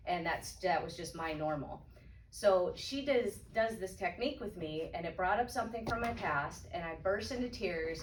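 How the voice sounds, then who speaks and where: A woman in her thirties gives a candid personal testimony with a slightly low voice, circling back and restarting as she tells it. She stands some distance from the microphone, so her voice sounds roomy and echoey. A faint hum of room ambience sits underneath. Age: 30s. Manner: candid, storytelling, frequent restarts. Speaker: guest speaker. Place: event room.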